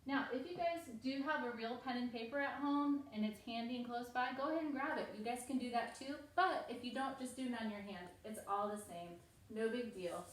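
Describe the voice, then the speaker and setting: A woman's voice: a little high, echoey room, recorded from a distance, rough recording. Upbeat woman teaching kids to read. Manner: upbeat, encouraging, slow and clear for kids. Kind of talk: reading lesson for young children. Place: at home.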